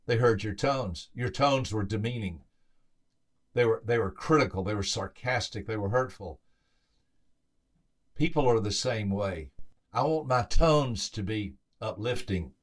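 A man's voice: lowish voice, unhurried, pauses often. A man hosting a podcast, telling a motivational story with emphatic, repeated phrases. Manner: acts out quoted voices with lively lifts. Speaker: podcast host and motivational speaker.

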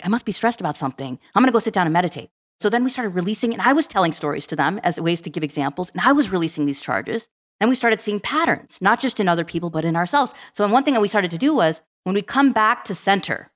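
A woman in her forties, a podcast guest, telling personal stories animatedly and acting out family dialogue. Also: mid-range voice. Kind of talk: storytelling in a podcast interview.

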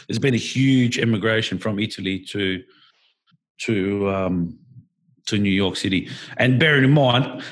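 Husky man, rambling chat. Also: on the low side. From Australia. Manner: animated, rambling, many restarts. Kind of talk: casual podcast chat.

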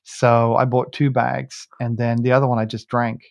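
A man in casual podcast talk, with a gravelly, creaky edge to his mid-pitched voice. He rambles along, keeps restarting his sentences and chuckles at himself. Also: little pitch movement, normal speed. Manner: rambling, self-correcting, chuckling. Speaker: podcast co-host. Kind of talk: casual chat.

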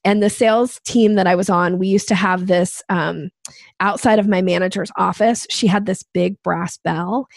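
A woman in her fifties telling a lively story from her sales career as an interview guest. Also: medium pitch, creaky, no room sound. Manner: animated, quick storyteller.

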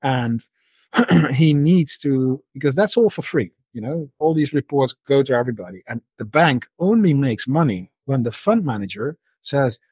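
A man's voice: medium pitch, expressive, moderate pace, darkish tone, husky, no room sound. A man in a casual interview, explaining markets at length and often repeating words as he thinks. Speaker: interview guest, market analyst.

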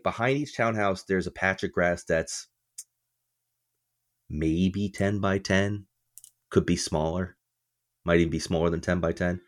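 Laid-back low-voiced man swearing casually. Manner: chatty, laughs often, swears casually. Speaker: podcast co-host. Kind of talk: casual chat.

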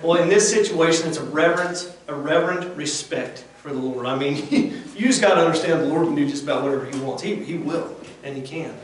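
A man's voice: a little high, fairly quick, hardly any pauses. Earnest plainspoken preacher man, echoey and distant. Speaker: lay preacher. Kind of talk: conversational devotional sermon. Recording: very echoey room from far off, faint background noise.

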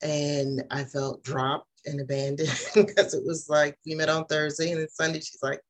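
A woman's voice: low voice, steady tone, moderate pace. A middle-aged woman therapist in private practice, rambling a little as she shares her story in a group Q&A. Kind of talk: casual group Q&A.

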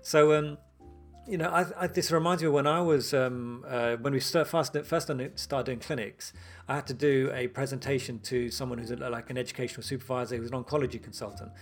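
A young adult man, a doctor, chatting casually and telling stories with lively acted-out quotes. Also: mid-range voice, brisk, soft background music. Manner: lively storyteller who acts out quoted exchanges. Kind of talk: casual podcast chat.

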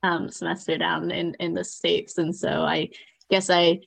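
A woman's voice: lowish voice, little pitch movement, a little slow, creaky, husky. A young woman with a Canadian accent, a podcast guest chatting casually and laughing often. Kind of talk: casual chat.

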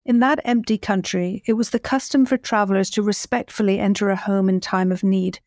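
A woman host narrating a folk fairy tale in a measured, scripted delivery, slowing at dramatic moments. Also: medium pitch, fairly even intonation, darkish tone, no echo, studio quality. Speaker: host and storyteller.

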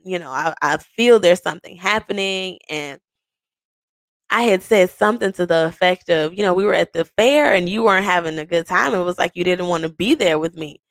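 A woman in her thirties hosting a podcast, telling a personal story in a candid, profane, animated way. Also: on the low side, moderate pace, dry recording. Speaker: podcast host. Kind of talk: casual storytelling.

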